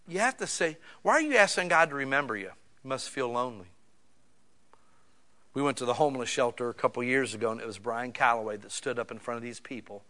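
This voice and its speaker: A man preaching a conversational sermon to his small church, swinging between loud emphatic bursts and quiet, intimate asides. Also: medium pitch, expressive, brisk. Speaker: pastor.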